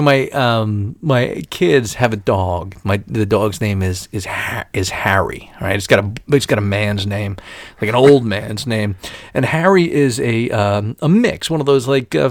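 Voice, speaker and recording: Profane, animated storytelling man. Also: mid-range voice, no room sound. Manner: profane, animated, rants in exaggerated voices. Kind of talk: casual chat, storytelling.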